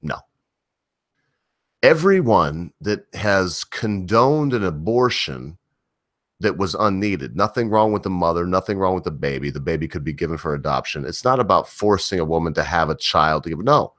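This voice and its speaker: A man hosting a livestream, giving an opinionated, rambling rant with emphatic, drawn-out stretches. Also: low-pitched, lively intonation, a bit bright, no room sound, clean studio sound. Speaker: livestream host.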